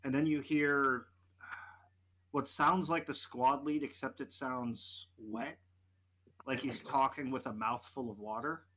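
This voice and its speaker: A man running a tabletop game as game master, narrating vividly and dramatically. His voice is bright and forceful. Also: medium pitch, steady tone, slow pace.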